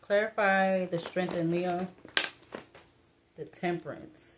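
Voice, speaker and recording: Low-voiced woman giving a tarot reading. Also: fairly even intonation, takes it slowly, background noise. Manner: musing, hesitant, many fillers and restarts. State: voice breaking up. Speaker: tarot reader.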